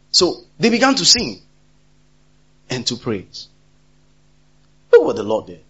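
Male preacher, husky, mid-pitched, emphatic sermon delivery, lo-fi sound. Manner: emphatic, repeats key phrases, swings between loud and soft.

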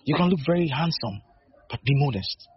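A man's voice: on the high side, animated, a little fast, slight background noise. A man preaching a sermon as a pastor, repeating short exhortations and asking his listeners if they are listening. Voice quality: husky. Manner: repetitive, emphatic exhortation with rhetorical questions. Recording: dull lo-fi recording.

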